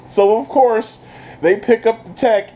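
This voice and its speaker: A man giving an excited, casual recap as a video reviewer, breaking into laughter and breathless from it. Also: sits high, measured pace, rough recording. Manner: keeps breaking into laughter while retelling.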